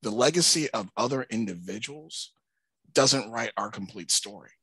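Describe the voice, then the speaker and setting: A man on a discussion panel, speaking earnestly and building to emphatic, animated points. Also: fairly low pitch, normal speed, husky, dry recording. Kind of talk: conversational discussion.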